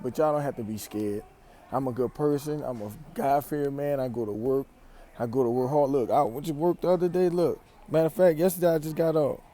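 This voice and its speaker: Young man, Louisiana accent, dark mellow tone, casual animated vlogger with slang, phone-recorded in a store. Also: a little high, a little hiss or hum. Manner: animated, emphatic, repeats phrases, speaks in slang. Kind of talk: casual vlog monologue. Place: store aisle, indoors.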